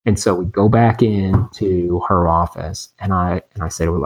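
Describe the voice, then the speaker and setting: A man in his thirties, a podcast guest in recovery, telling a story in a casual, animated and emphatic way. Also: low-pitched, moderate pace, hardly any pauses.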